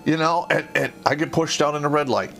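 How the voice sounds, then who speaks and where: A man hosting a podcast, telling a profane, animated story about his Army days and laughing through it. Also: on the high side, a little fast, vocal fry, faint music behind. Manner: animated storyteller, heavy swearing, laughs mid-sentence. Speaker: podcast host and Army veteran. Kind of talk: profane comedic war story.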